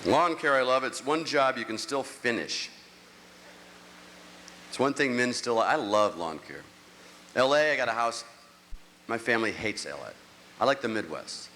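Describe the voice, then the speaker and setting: A man in his sixties rants through a stand-up set, his voice swooping between low grumbles and high squeaks. He sits at a middling pitch, recorded with a stage mic in a big theater. Long reverb and a loud crowd fill the room. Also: moderate pace, pauses often. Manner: animated, ranting, swings between grumbling and squeaky outbursts. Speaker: stand-up comedian. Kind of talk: stand-up comedy routine. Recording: echoey hall, clear crowd noise. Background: audience.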